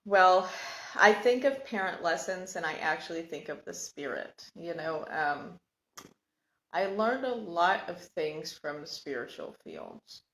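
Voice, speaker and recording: Halting, reflective woman in an echoey room. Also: lowish voice, animated, a bit bright. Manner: halting, reflective, searching for words. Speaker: podcast host sharing personal story. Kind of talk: casual reflective monologue.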